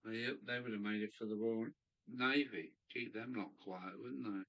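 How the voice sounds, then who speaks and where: A man's voice: on the low side, moderate pace, muffled recording. A man hosting a live stream, chatting casually and rambling as he muses aloud and answers viewers. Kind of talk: casual chat reading viewer comments. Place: hobby room in a loft.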